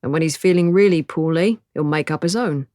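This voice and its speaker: A woman's voice: low voice, warm tone, no echo, clean studio sound, natural voice. A woman voicing a restless young man with a broad London accent. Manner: quick and restless. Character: fidgety young man, deep-voiced.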